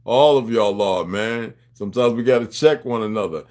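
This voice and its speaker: A man with a fairly low, slightly mellow voice speaks at a moderate pace. Hosting a livestream, he rambles loosely and preaches to his viewers in street slang, calling them beloved.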